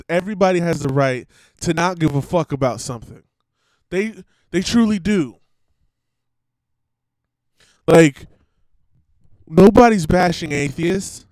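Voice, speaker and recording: Profane male streamer with a slightly raised pitch and a dry close sound, rambling and blunt. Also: darkish tone, dry recording, rough recording. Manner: blunt, profane, laughs between rambling asides.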